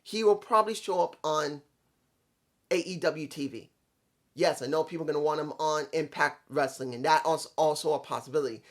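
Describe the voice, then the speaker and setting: Male wrestling fan commentator, casual rambling monologue. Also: fairly high pitch. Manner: rambling, self-correcting storytelling. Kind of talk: fantasy booking monologue.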